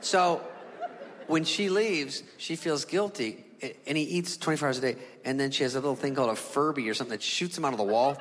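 A male stand-up comedian telling stories on stage, acting out the people and animals in them and swearing freely, with sudden high squeaks and low mutters. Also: fairly quick, a bit bright. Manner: acts out voices of the people and animals in his stories. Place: stage in a large venue. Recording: live hall recording with audience.

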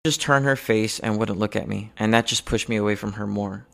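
A young man telling a personal story from his childhood in an earnest, measured way, going quiet on the painful moments. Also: on the low side, vocal fry. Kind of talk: personal spoken-word storytelling.

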